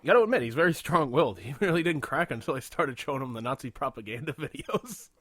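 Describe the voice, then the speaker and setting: A man chatting on a podcast, his pitch swinging widely as he tells a story. He laughs often and swears freely. His voice sounds close and dry, with no room echo. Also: fast. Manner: crude, laughing, animated storytelling. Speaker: podcast co-host. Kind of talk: casual chat.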